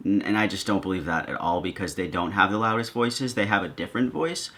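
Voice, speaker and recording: A man's voice: low-pitched, fast talker, a bit bright. A man talking casually to his viewers in a commentary vlog, with a sarcastic, joking manner. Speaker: video creator.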